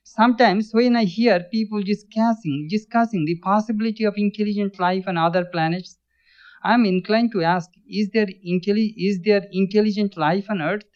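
High-voiced man giving a spiritual talk. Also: steady tone. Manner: measured, thoughtful pacing with frequent restarts. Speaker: swami teaching scripture. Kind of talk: spiritual talk explaining scripture. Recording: dull lo-fi recording.

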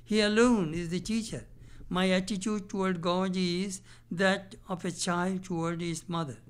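A man reading scripture passages aloud and explaining them, laughing often and acting out the people he quotes in a louder voice. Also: sits high, fairly even intonation, unhurried, clear, resonant tone. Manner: acts out quoted speakers in a raised voice. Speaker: spiritual teacher.

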